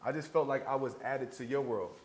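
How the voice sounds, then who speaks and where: A man's voice: medium pitch, fairly quick. Earnest man in a roomy space. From New York. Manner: earnest, repeats words when upset. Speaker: guest. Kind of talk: candid conversation over a meal. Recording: roomy echo, faint background noise.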